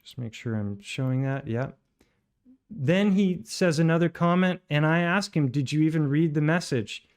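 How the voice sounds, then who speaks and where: A man's voice: fairly high pitch, normal speed, a little mellow. A man hosting his own channel, talking through a dispute with plenty of fillers and false starts. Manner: rambling, many fillers and restarts. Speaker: channel host. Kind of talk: commentary on played voice messages.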